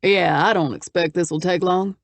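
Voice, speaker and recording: A woman voicing a confident, wry businessman with a Texas accent and a deep baritone in an audiobook. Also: fairly even intonation, moderate pace, gravelly, no room sound. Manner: easygoing, wry drawl. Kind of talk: audiobook character voice.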